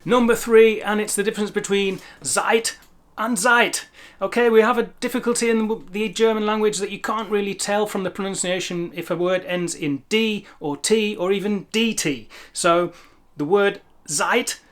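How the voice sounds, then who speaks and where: A man's voice: sits high, fairly even intonation, moderate pace. A middle-aged man from England giving a humorous language lesson in a mock-stern, emphatic, teasing manner. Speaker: language teacher.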